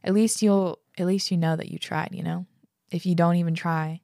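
A woman's voice: fairly low pitch, fairly even intonation, moderate pace, creaky, a little mellow, no echo, clean studio sound. A young woman hosting a casual podcast, reading listener letters aloud and chatting about them, enthusiastic and swearing freely. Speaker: podcast host.

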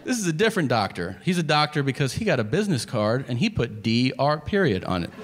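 A man's voice: medium pitch, big pitch swings, quick pace, background noise. Laid-back man telling a stand-up story. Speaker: stand-up comedian. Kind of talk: stand-up comedy set. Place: comedy club stage.

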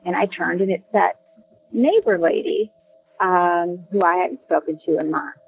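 A woman telling a personal ghost story in a casual, halting way, with many ums and restarts. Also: fairly low pitch, gravelly, breathy edge. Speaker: caller sharing a ghost story. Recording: tinny phone line.

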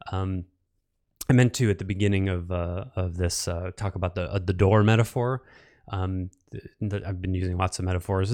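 Low-voiced man coaching, dry close sound. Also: a little mellow, no room sound. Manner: reflective, conversational, many fillers and self-corrections. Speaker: coach teaching a course. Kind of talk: course recording.

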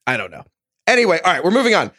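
A man's voice: high-pitched, huge pitch swings, racing, pushed and bright, no echo, studio quality. A man co-hosting a sports podcast, who rambles, mocks himself and steers the talk. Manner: rambling, self-mocking, steers the show. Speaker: podcast co-host. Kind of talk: casual sports podcast banter.

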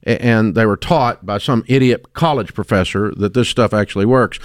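A man's voice: fairly low pitch, moderate pace, smooth, no room sound, clean studio sound. Blunt, emphatic man host. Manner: emphatic, blunt, rises to loud exclamations. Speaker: radio show host. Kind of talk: opinionated radio talk. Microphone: studio microphone.

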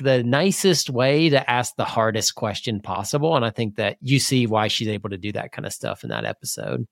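A man's voice: medium pitch, big pitch swings, brisk, creaky, few pauses, dry recording, clean studio sound. Chatty male co-host. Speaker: podcast co-host. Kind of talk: casual podcast chat.

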